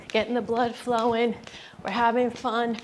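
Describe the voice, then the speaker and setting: A fitness instructor with a slightly high voice leads a rebounding workout, sounding upbeat as she calls out cues and counts down reps. She bounces along while speaking in an unhurried, drawn-out way, though her delivery is flat. There's a noisy background.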